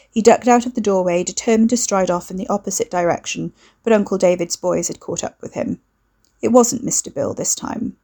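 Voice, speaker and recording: A woman narrating a novel in an even, measured storytelling voice. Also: fairly low pitch. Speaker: audiobook narrator. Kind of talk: scripted narration.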